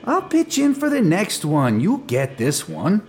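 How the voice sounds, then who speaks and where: An actor with a Canadian accent playing a joking, rambling unemployed drinking buddy in a stage play. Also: male voice, high voice, huge pitch swings, measured pace, exaggerated voice. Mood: teasing. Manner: teasing, rambling storyteller.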